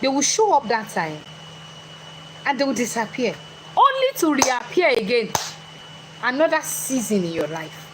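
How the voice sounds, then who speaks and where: A woman's voice: fairly high pitch, very animated, normal speed, pauses often, noisy background. A woman giving a chatty motivational talk, questioning her live audience directly. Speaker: motivational speaker.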